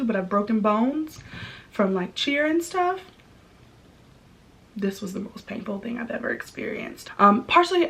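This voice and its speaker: Young woman, vlogger type, candid conversational storyteller with lots of filler words, mid-pitched. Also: a bit bright. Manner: chatty and candid, many likes and ums. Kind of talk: casual storytelling vlog.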